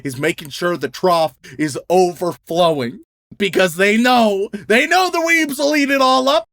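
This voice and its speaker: A man on a podcast launches into an exasperated, profanity-laced rant. He cracks himself up and shouts as he goes. The sound is dry and close, with no room behind him. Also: high-pitched, unhurried, vocal fry, no room sound. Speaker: podcast co-host. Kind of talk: casual ranting chat.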